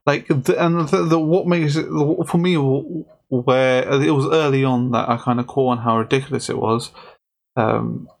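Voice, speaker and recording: A man talks in a loose, rambling way, restarting his sentences as he argues a point in casual banter. His voice is gravelly, with a lot of fry at mid pitch. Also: steady tone, normal speed. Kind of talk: casual chat.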